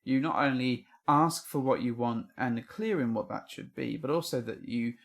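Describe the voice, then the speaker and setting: Guy cohost at home, earnest, rambles on, thinks out loud. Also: mid-range voice, normal speed, creaky. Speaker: podcast co-host. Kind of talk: casual chat. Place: home room. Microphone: podcast microphone.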